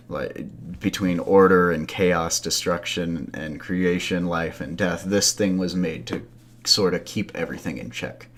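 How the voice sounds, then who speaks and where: A man narrating a campfire story as a podcast host, loose and conversational, with asides and fillers. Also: low-pitched.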